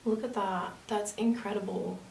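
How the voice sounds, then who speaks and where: A woman's voice: mid-range voice, steady tone, normal speed, vocal fry, darkish tone. A woman chatting casually through a makeup tutorial, rambling into asides as she works. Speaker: makeup vlogger. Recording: roomy, distant camera audio with faint hiss.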